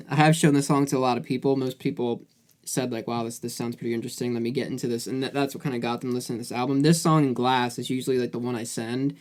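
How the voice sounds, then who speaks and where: A man's voice: mid-range voice, steady tone, fast talker, darkish tone. A man co-hosting a music podcast, talking loosely in casual chat with many fillers and restarts. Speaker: podcast co-host.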